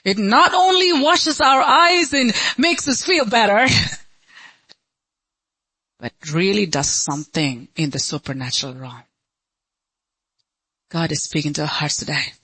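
A woman pastor preaching an impassioned sermon, swinging from high pleading cries to low hushed lines. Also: lively intonation, slow pace, long pauses, husky, no room sound, poor audio. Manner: laughs between lines.

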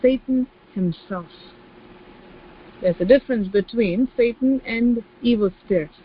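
A woman's voice: on the high side, measured pace, slightly rough. Woman preacher, sermon delivery, emphatic and repetitive, acts out quoted voices; slightly dull recording.

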